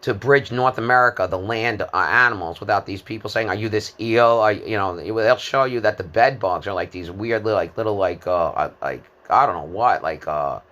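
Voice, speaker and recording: Man, 50s, lowish and bright, forceful voice; rambling, halting monologue full of fillers. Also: lo-fi sound. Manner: disjointed, hesitant, many fillers and repeated words.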